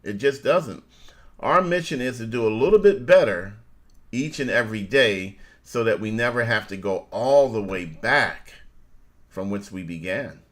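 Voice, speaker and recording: A middle-aged man co-hosting a casual live-stream chat, folksy and quick to laugh, often addressing his listeners as family. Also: fairly low pitch, animated, a bit bright. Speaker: co-host.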